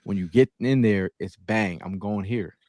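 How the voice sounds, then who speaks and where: A man's voice: on the low side, measured pace, a little mellow. A man co-hosting a casual podcast, telling stories emphatically and repeating himself as he goes. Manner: storytelling, emphatic, repeats phrases. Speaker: podcast co-host. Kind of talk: casual sports podcast banter.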